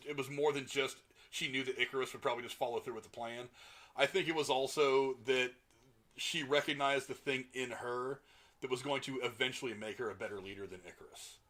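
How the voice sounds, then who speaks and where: Casting: man, co-host of a movie podcast, bright forward tone, reads listener comments and reacts. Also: medium pitch. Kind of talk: casual movie review chat.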